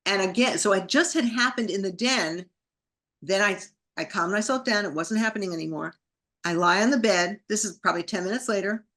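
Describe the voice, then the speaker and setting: A woman's voice: mid-range voice, fairly quick, a bit bright. A woman, a podcast guest, telling a personal story vividly, acting out her inner thoughts in an emotional way.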